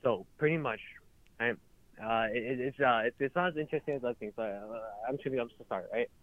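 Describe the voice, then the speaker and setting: A man's voice: mid-range voice, fast, no room sound. Stammering male caller on a phone line. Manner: hesitant, stammering, apologetic. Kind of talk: phone-in chat.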